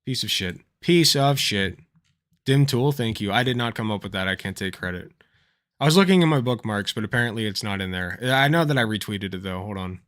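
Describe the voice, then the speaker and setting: A man's voice: fairly low pitch, animated, fast, a bit bright. A man hosting a livestream, chatting casually and telling anecdotes, swearing freely and laughing at his own stories. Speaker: livestream host.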